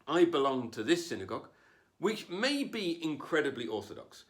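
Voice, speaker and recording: This man does stand-up at home without any audience, delivering self-deprecating, wry material and putting on voices. His voice is fairly high and sing-song, and he talks at a normal speed.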